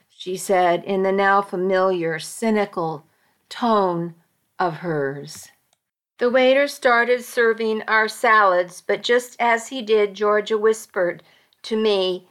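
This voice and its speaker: Slow, careful woman narrator. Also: medium pitch, fairly bright tone. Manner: slow, careful, with small self-corrections. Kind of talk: storybook narration.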